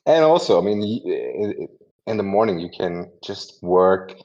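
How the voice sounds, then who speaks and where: A man hosts a community audio event with casual chat and introductions, rambling, correcting himself, and laughing often. His low-pitched, darkish voice is very animated and moves at normal speed. The audio is dull and lo-fi.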